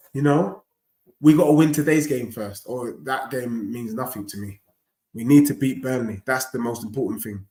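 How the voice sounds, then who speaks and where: Slangy fan reacting live. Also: male voice, a little high, roomy sound. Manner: animated, slangy banter reacting to play. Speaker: fan channel host. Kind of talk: live football watchalong commentary.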